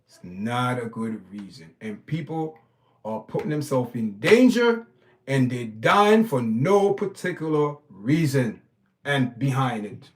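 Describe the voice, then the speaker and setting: Sing-song and slow, this channel host's mid-range voice carries opinionated commentary on his own stream. He is preachy and emphatic, often repeating words and starting over.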